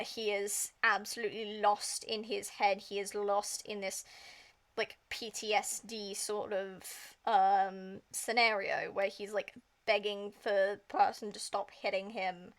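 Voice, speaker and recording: A woman streaming, retelling a story in a casual, rambling way, full of fillers and swearing. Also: mid-range voice. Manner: rambling, heavy filler use, frequent swearing.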